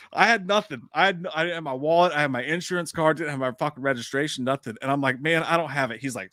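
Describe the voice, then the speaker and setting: An animated man talks quickly, acts out the lines of people in his story and swears freely. His voice is bright and a little high. The sound is dry and close. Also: dry recording. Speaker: podcast co-host. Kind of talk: casual storytelling chat.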